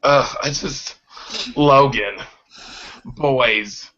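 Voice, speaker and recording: A man's voice: medium pitch, extremely slow, sharp tone. A young man co-hosting a podcast, chatting casually in a sassy, playful way. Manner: sassy, playful, bursts into exclamations. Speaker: podcast co-host. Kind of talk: casual chat. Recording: dull lo-fi webcam audio.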